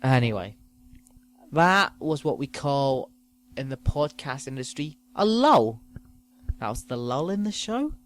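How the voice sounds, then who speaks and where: A man's voice: medium pitch, sing-song, unhurried, pauses often. A man hosting a podcast, rambling through a crude, self-mocking comic monologue. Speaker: podcast host.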